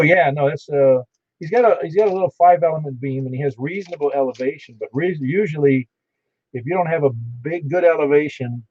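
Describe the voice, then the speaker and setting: A man with a mid-range voice serves as net control for an amateur radio net, folksy and chatty as he reads out call signs in casual on-air talk. The radio audio is dull and lo-fi.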